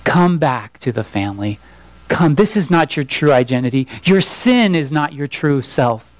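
A man's voice: fairly high pitch, lively intonation, moderate pace, no room sound, rough recording. A male pastor preaching a sermon, earnest and pleading, with repeated appeals.

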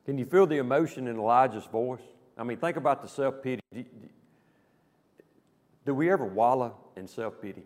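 A man's voice: medium pitch, a little fast, darkish tone. Man preaching in a reverberant hall. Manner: conversational preaching with rhetorical questions and frequent "okay?". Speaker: pastor. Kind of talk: sermon.

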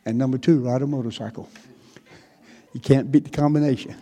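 A man's voice: medium pitch, fairly quick. A man in his sixties with a North Carolina accent, preaching a folksy, chatty sermon. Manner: relaxed, chatty, laughs often. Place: church hall. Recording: echoey church hall.

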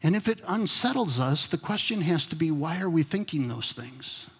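A man's voice: on the high side, animated, moderate pace, fairly bright tone, slightly rough, in a large hall. A man preaching a sermon as pastor, in a conversational way, asking his congregation questions. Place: church sanctuary.

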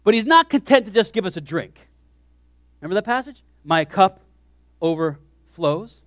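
A man preaching a sermon as pastor, animated, swinging from hushed asides to shouted lines. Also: sits high, fairly quick, dry recording, clean studio sound.

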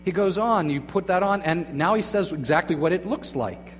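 A man preaching a sermon as pastor, moving between quiet, hushed phrases and emphatic, raised lines. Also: high-pitched, moderate pace. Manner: dramatic shifts between hushed and emphatic delivery. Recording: long hall reverb with faint mains hum.

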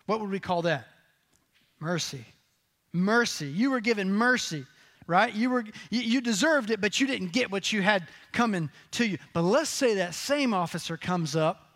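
A man preaching a sermon, asking the congregation questions and answering them with lively emphasis. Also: high voice. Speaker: pastor.

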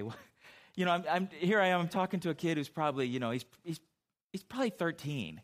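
A man's voice: on the high side, lively intonation, fast. A middle-aged man preaching a sermon as a pastor, telling stories in an easy, conversational way, with frequent restarts and asides.

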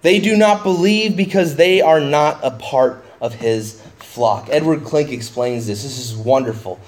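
A man preaching a verse-by-verse sermon in a conversational way, getting animated when he paraphrases. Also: mid-range voice, measured pace. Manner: conversational, rising excitedly when paraphrasing Jesus. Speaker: pastor. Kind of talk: expository sermon.

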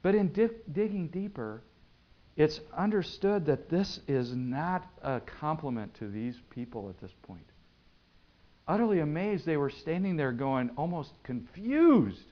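A man preaching a sermon, swinging between loud bursts and hushed lines. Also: fairly high pitch, animated, unhurried, lo-fi sound. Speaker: pastor.

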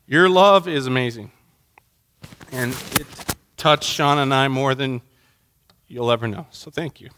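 A man's voice: mid-range voice, takes it slowly, pauses often, bright, forceful tone, clean tone. A middle-aged man, a pastor, giving a sermon in a personal, emotional storytelling way that rises into impassioned pleading.

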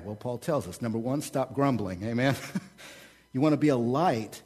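A male pastor delivering a sermon in a mid-pitched voice. He preaches with energy, piling up repeated phrases and dropping into casual asides. His tone moves between emphatic and conversational. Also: normal speed, a little mellow.

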